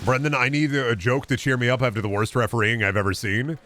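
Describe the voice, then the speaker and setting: A man's voice: mid-range voice, fairly even intonation, quick pace, a bit bright, soft background music. A young adult man chatting casually on a gaming livestream, rambling and joking with lots of swearing. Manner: rambling, profane, jokey. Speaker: gaming streamer.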